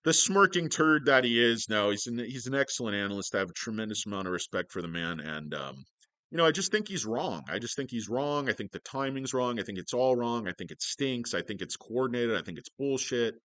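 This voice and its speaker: A man's voice: medium pitch, expressive, a little fast, pushed and bright, no room sound. A man hosting a stock-market livestream, joking, swearing and rambling as he greets viewers.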